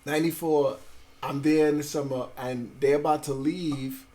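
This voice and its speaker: Animated man telling his story. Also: fairly high pitch, moderate pace. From Brooklyn, New York. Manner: animated storyteller, acts out voices of family and police; swears freely, street slang. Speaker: guest. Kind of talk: casual storytelling interview.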